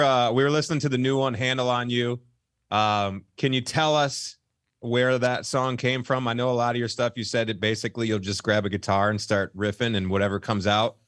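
A man's voice: medium pitch, steady tone, a little fast, fairly bright tone, dry recording, studio quality. A man hosting a podcast, asking questions in a friendly, casual way, often restarting his sentences. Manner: friendly, stumbling questions, laughs easily. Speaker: podcast host. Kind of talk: casual interview chat.

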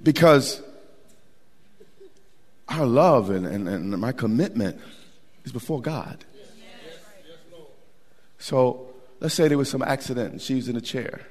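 Animated male preacher in a reverberant hall. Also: mid-range voice, slow pace, pauses often. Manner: animated, repeats words for emphasis, folksy colloquial phrasing. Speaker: pastor. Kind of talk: sermon. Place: church sanctuary.

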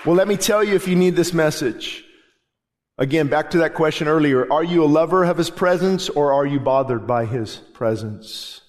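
A man preaching a sermon as pastor, with a fervent delivery in a church service that swells to loud, emphatic declarations. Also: fairly high pitch, expressive, normal speed, some chatter behind. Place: church sanctuary during a service.

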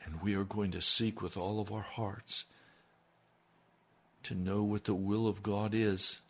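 A man preaching an impassioned radio sermon as pastor, swinging between loud emphasis and hushed, intimate lines. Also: on the low side, little pitch movement, measured pace, husky.

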